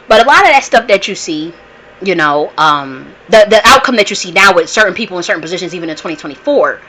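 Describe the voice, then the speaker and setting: Woman host, casual monologue. Bright tone, animated and profane, often restarts her sentences. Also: mid-range voice, rough recording. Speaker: channel host.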